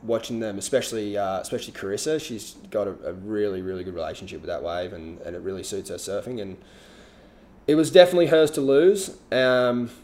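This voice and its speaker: A man chatting casually about competition surfing, relaxed and rambling, with frequent restarts. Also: on the low side, fairly quick. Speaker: surf analyst guest. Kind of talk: casual podcast chat.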